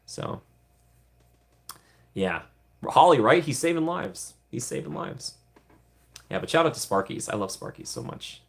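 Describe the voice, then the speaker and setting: A man's voice: mid-range voice, very animated, brisk, vocal fry. A man casually chatting on a livestream, answering viewer comments in a playful way and giggling often. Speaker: streamer answering live chat.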